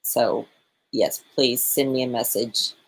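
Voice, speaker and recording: A woman's voice: very deep voice, fairly even intonation, takes it slowly, breathy edge. A woman in her forties co-hosting a casual livestream, chatty and giving step-by-step instructions. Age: 40s. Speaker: co-host of a motorcycle channel livestream.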